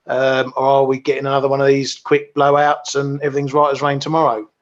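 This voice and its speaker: Flat-voiced man with dull lo-fi sound. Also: medium pitch, quick pace. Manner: relaxed, self-deprecating, many ums. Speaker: guest trader. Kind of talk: casual market commentary. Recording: dull lo-fi webcam audio.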